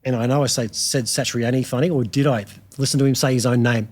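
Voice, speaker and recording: A middle-aged Australian man, a guitarist guest telling frank, animated stories in a casual chat. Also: mid-range voice, fast. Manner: animated storyteller, frank and chatty.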